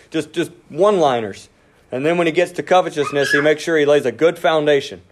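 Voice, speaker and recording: Animated male pastor preaching. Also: fairly high pitch, slight background noise. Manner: animated, acts out inner voices, quickens and drops to near whisper. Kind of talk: sermon.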